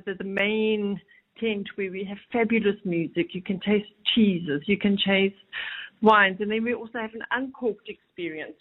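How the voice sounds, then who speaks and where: A woman's voice: medium pitch, husky. Woman guest on a tinny phone line. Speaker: guest, tourism head. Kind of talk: radio phone interview.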